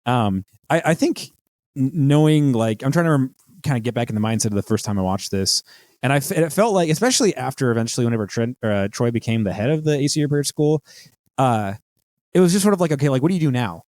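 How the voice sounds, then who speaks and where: A man co-hosting a podcast who talks quickly in halting bursts, restarting his sentences again and again. His pitch is middling. He sounds dry and close to the mic. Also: lively intonation, darkish tone, no room sound. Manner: halting, many restarts and fillers. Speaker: podcast co-host. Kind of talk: casual chat.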